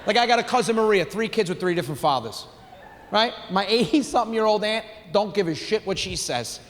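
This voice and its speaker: A man's voice: high voice, animated, a little fast, slight background noise. A man doing a brash, profane stand-up routine. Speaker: stand-up comedian. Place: comedy stage. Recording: echoey hall, faint ambience.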